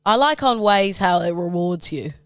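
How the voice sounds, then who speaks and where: A man's voice: sits high, animated, normal speed, fairly bright tone, smooth, no room sound, studio quality. Easygoing male podcast co-host. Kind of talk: casual chat.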